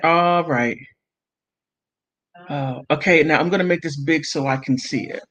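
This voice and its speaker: A man hosting a commentary channel, reading messages aloud and commenting between them. He talks haltingly, stumbles over words and breaks off to exclaim in disbelief. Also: on the high side, fairly bright tone, poor audio.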